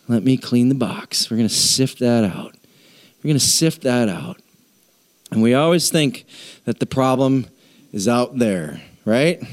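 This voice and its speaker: A man's voice: medium pitch, animated, a little slow. A man preaching a sermon in a humorous, conversational way and asking the congregation to answer back. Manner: humorous, conversational, self-deprecating; asks the congregation for responses. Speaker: pastor.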